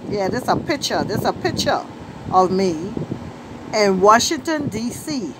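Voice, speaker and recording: A middle-aged Bahamian woman speaks with a Bahamian accent in a voice that sits a little high. She tells a personal story to camera in a lively, conversational way, hammering home her points by repeating phrases. Faint background noise runs under the recording. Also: a little slow. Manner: animated, repeats phrases for emphasis. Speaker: vlogger and poet.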